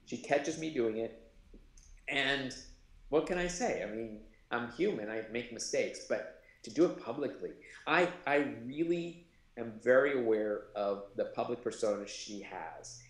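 A middle-aged man, a sign language interpreter and producer, telling lively anecdotes in a live interview and acting out the voices in them. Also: unhurried. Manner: animated anecdote-telling, acts out voices with big pitch jumps. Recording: roomy echo.

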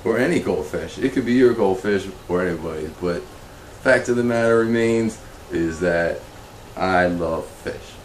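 A man hosting a comedic fish show, talking in an awkward, rambling, deadpan way. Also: reverberant, a little hiss or hum, poor audio. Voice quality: slow, awkward, rambling delivery that becomes emotional and high-pitched. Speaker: comedy web show host.

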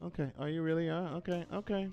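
A man with a notably high voice streams a shooter game and narrates his play live. He heckles his enemies with playful trash-talk and quick taunting one-liners. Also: fairly even intonation, darkish tone, smooth, lo-fi sound, faint music behind. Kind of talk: live gameplay commentary.

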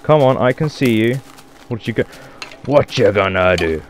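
A man's voice: fairly low pitch, moderate pace, a little hiss or hum. A man giving rambling let's play commentary, swearing and mocking himself as he plays at home. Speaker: gamer.

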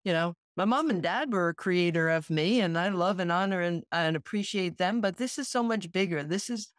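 A woman's voice: on the low side, moderate pace, no echo, clean studio sound. A woman co-hosting a podcast in casual chat, speaking in a reflective, earnest way. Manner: reflective and earnest, with soft laughs. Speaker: podcast co-host.

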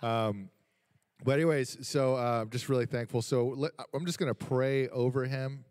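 A man's voice: mid-range voice, fairly even intonation, a little mellow, studio quality. Man leading prayer in a reverberant church. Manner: halting, many fillers, earnest prayer. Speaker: pastor introducing the guest. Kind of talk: introduction and spoken prayer. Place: church sanctuary. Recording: long church hall reverb.

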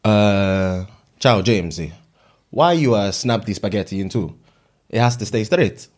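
A man's voice: fairly low pitch, animated, measured pace, darkish tone, voice pushed down. A man doing a scolding Italian guy. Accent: put-on Italian. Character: Italian man scolding a friend about pasta.

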